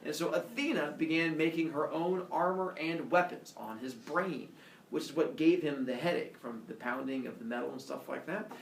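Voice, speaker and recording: Male teacher, playful classroom storyteller, fairly high voice; distant echoey classroom, faint noise. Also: normal speed, vocal fry.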